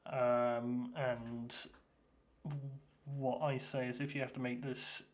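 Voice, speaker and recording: A man runs a tabletop role-playing session as game master. He talks in a hesitant, halting way, full of fillers and restarts, at an ordinary pitch. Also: flat delivery, a little hiss or hum.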